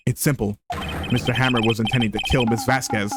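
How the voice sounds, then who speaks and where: A man reading the part of an earnest young defense lawyer who lays out his case, with loud game music behind him. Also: mid-range voice, fairly even intonation, brisk, close to an everyday voice.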